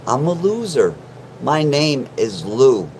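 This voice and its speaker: A man's voice: mid-range voice, very animated, takes it slowly, a little mellow, a little hiss or hum, low-quality recording. A man hosting a casual livestream from his mom's basement, joking and swearing as he chats with viewers. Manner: profane, joking, self-mocking. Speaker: livestream host.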